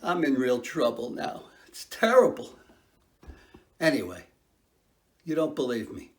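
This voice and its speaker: A man's voice: medium pitch, sing-song, a little slow. An actor playing a man who fears he has lost his sense of humor, in a rueful, self-mocking stage monologue.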